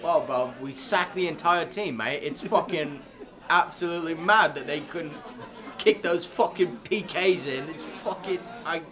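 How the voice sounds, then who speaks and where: A man voicing a distraught young male English football fan reporting from London, with a put-on London accent, swearing and excitable. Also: fairly high pitch, measured pace, crowd noise, pitched above the performer's own voice, close to an everyday voice.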